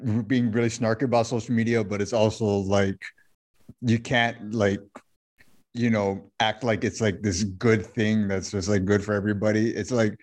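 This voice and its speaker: A man's voice: on the low side, level tone, moderate pace, darkish tone. A man co-hosting a casual podcast over a video call, teasing his partner and rambling through his thoughts with lots of "like". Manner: rambling, leans heavily on "like" as he thinks aloud, teasing. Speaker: podcast co-host. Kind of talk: casual chat. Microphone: computer mic over a video call.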